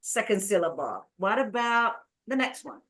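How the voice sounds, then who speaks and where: A woman's voice: medium pitch, sing-song, fairly bright tone. A woman teaching an English lesson, drawing out words to model stress and asking learners questions. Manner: drawn-out modeling of word stress. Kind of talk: online business English lesson.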